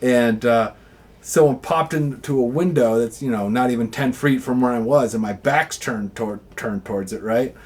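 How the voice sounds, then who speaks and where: A man chatting casually, laughing often, swearing and jumping into loud acted voices for quotes. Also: medium pitch, normal speed. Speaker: airsoft player. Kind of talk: casual chat.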